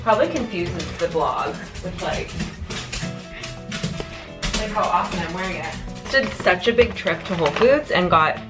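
A woman's voice: lowish voice, lively intonation, measured pace, pauses often, music in the background. Chatty young woman vlogging at home. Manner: chatty, filler-heavy, self-deprecating. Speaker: lifestyle vlogger. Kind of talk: casual vlog chat. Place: home, kitchen and indoors.

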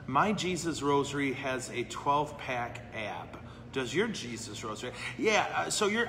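A man's voice: fairly high pitch, sharp tone. A man, a priest, chatting casually and answering questions live, self-deprecating and laughing often. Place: brewery. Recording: echoey room with long reverb.

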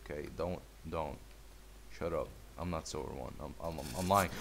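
A man's voice: very deep voice, steady tone, normal speed, gravelly, a bit bright, slight background noise. A man giving casual gameplay commentary, laid-back and mumbly, trash-talking and swearing at the game.

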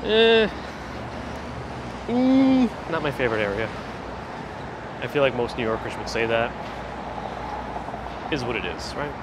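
On a walking livestream through city streets, a male host chats casually and perkily reads viewer comments aloud. His mid-range voice moves at a normal speed with frequent pauses. The audio comes from a handheld phone gimbal mic and is noisy with outdoor street traffic.

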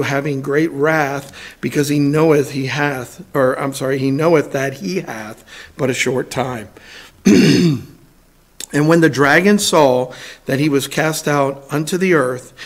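A man serving as assistant pastor, preaching an evening sermon in a hoarse, raspy voice, reading scripture and adding folksy, self-deprecating asides with some throat clearing. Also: on the high side. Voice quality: raspy, scratchy. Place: church sanctuary.

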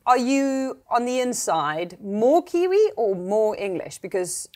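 A woman's voice: a little high, big pitch swings, takes it slowly, a little mellow. A woman hosting a casual sports chat, asking long, curious, rambling questions. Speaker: host.

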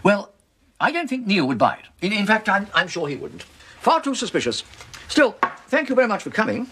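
A flustered, stammering Labour politician. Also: male voice, sits high, sing-song, fairly quick, fairly bright tone, a little hiss or hum. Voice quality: hesitant and stammering. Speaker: politician character. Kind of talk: sitcom acting.

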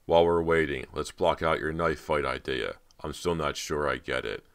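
A man voicing a hurried, upbeat film director calling out orders to cast and crew. The voice stays close to the reader's own extremely deep one, low and resonant. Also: fairly bright tone, clean tone. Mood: brisk. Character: busy adult male film director, brisk and upbeat.

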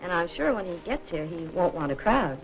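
A woman's voice: on the low side, big pitch swings, brisk. An actress playing a chatty, wisecracking young woman neighbor in a 1940s film, full of slang. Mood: breezy. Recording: dull old film soundtrack.

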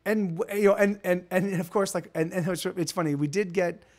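A man's voice: high-pitched, steady tone, a little fast. A man hosting a casual live stream, telling rambling, profane stories with lots of restarts.

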